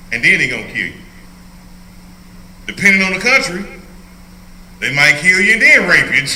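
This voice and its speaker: A man's voice: high voice, pushed and bright, reverberant, a little hiss or hum, rough recording. An older man leading an informal Bible study as a pastor, joking and laughing often as he teaches. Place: church hall.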